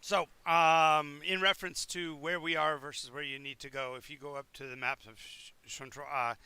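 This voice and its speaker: Bright, clear-voiced man running a tabletop game. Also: fairly high pitch, flat delivery. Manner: halting, with many restarts and fillers while checking the map. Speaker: game master. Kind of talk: narrating a tabletop game over a live stream.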